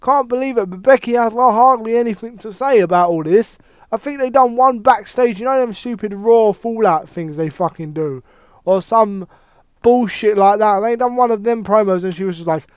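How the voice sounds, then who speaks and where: A man giving a casual, animated wrestling opinion monologue, swearing heavily and thinking aloud with many restarts. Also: sits high, normal speed, smooth, no room sound. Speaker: wrestling commentator.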